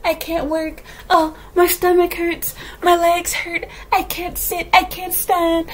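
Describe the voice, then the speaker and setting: A whiny coworker, put on by a woman, moaning and stretching out each complaint in a high, thin voice. The complaints come out slow and sorry for herself, pitched well above an ordinary speaking voice. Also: flat delivery. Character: whiny female coworker listing endless aches.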